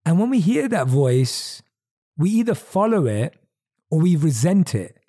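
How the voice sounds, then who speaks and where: Male podcast host, warm mellow tone on the higher side, earnest motivational monologue, emphatic repetition, close desk mic. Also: very animated, unhurried. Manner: earnest, emphatic, repeats key phrases. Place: at his desk. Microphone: desk microphone.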